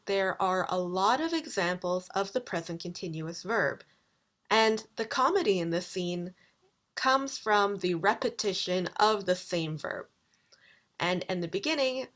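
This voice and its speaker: Woman teacher, recorded lecture, talks really slow and careful. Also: mid-range voice, a bit bright. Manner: slow, deliberate explanations with quoted examples. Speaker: university lecturer.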